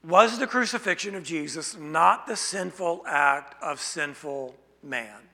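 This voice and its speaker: Male preacher, slightly high, gravelly voice; slow deliberate sermon delivery in a reverberant hall. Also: expressive, pushed and bright. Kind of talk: expository sermon.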